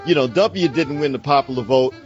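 A man's voice: medium pitch, brisk, dull audio, soft background music. A man ranting passionately about politics, swearing constantly and raising his voice as he argues. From United States. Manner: profane, impassioned, ranting. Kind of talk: heated political rant.

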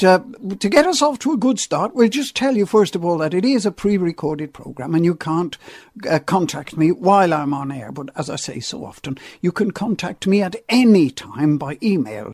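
Husky-voiced man hosting a radio show. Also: high-pitched, no room sound, clean studio sound. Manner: chatty, warm-hearted welcoming patter. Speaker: radio host.

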